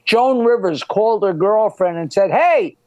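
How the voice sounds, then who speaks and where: A comedian, a man, tells jokes in a relaxed chat with a strikingly high voice. He delivers the punchlines with animated relish and laughs at them himself. The sound is dry and close to the mic. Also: normal speed, no room sound, dull audio. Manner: animated joke teller who laughs at his own punchlines. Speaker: comedian guest. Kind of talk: casual chat, telling jokes.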